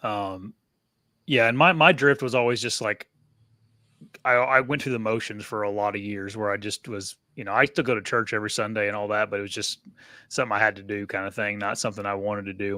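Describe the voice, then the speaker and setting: A man's voice: lowish voice, bright, forceful tone, no room sound, studio quality. A man in his thirties, co-hosting a casual faith podcast, talking in an earnest, emotional way about his family. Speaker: podcast co-host.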